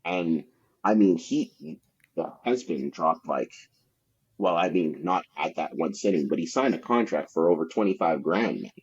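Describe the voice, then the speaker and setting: A man's voice: deep voice, animated, moderate pace, slightly rough. A man, a podcast guest, telling rambling stories about his sales jobs in a casual, profane way, full of fillers. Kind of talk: casual anecdotal storytelling. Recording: dull lo-fi podcast audio.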